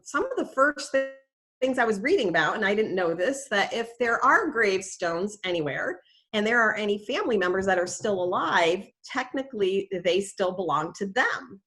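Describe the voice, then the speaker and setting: A woman's voice: mid-range voice, expressive, moderate pace, a bit bright. A middle-aged woman, a nature preserve educator, telling a story in a casual, chatty way, with plenty of fillers and self-corrections.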